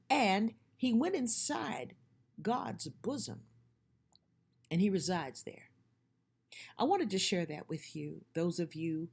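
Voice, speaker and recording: A woman's voice: mid-range voice, a little mellow, breathy edge. Earnest middle-aged woman giving testimony. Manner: earnest and emphatic, preaching to listeners. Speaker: speaker giving a personal testimony. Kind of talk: faith testimony talk.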